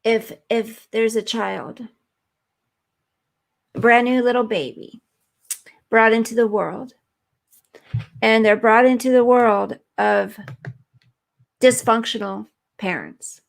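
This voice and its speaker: A woman's voice: on the high side, takes it slowly, creaky, long pauses. A woman hosting a live stream, chatting earnestly and emotionally with viewers and reading their comments.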